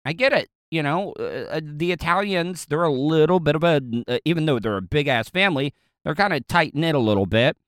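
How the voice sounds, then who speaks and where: A man's voice: a little high, expressive, a little fast, fairly bright tone, smooth, no echo, clean studio sound. A man with a Southern US accent telling a casual, rambling story to his viewers, with lots of fillers, restarts and chuckles.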